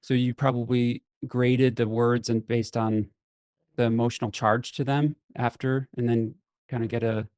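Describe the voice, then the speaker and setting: A man's voice: medium pitch, little pitch movement, moderate pace, a little mellow, dry recording, clean studio sound. A man hosting a podcast, asking long searching questions and backing the guest with frequent "mm-hmm"s. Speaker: podcast host. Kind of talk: casual podcast interview.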